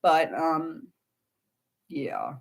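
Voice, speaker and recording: A woman's voice: low voice, wildly swooping pitch, very slow, gravelly. A young woman hosting an unscripted livestream, rambling and breaking off mid-sentence as she answers her chat. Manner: rambling, self-interrupting, answers chat aloud. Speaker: livestream host.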